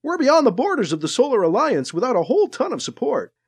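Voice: medium pitch, sing-song, fast talker, breathy edge, voice pushed up. A narrator voicing a sheepish, apologetic male soldier who talks in casual slang. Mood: brisk. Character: nervous male soldier, apologetic trooper leader.

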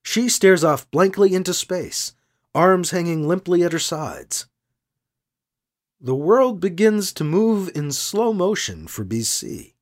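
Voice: medium pitch, lively intonation, slow. A narrator reading a tense thriller scene in a dramatic storytelling voice. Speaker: audiobook narrator. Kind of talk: scripted narration.

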